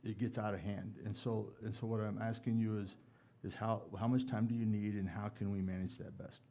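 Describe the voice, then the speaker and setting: A low, gravelly man with a dark, mellow tone speaks up as a commissioner at a town meeting. He stammers and doubles his words. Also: level tone, a little fast.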